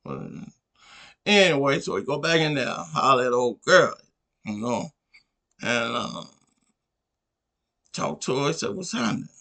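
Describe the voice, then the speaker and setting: Gravelly rambling male storyteller. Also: mid-range voice, very animated, a little slow, pauses often, bright, forceful tone. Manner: rambling, constantly asks "you know what I'm saying". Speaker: podcast host. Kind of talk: casual storytelling.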